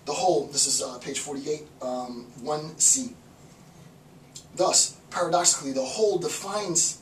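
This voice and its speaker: A man giving an informal philosophy lecture, animated, repeating words and acting out little voices. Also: a little high, slight background noise. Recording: roomy echo, mic far off.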